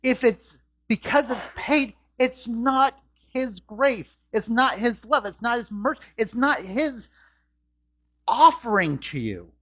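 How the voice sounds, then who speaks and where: A pastor preaches a sermon in a church sanctuary, his husky, slightly bright voice swinging widely in pitch and climbing on rhetorical questions. He's animated but slow-paced, and the recording sounds dull and lo-fi.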